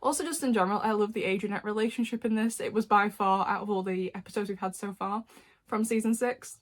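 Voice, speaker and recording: A young woman, chatting casually as a fan reviewer, laughing often and adding quick asides. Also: mid-range voice. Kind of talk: casual chat. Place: dim room at home.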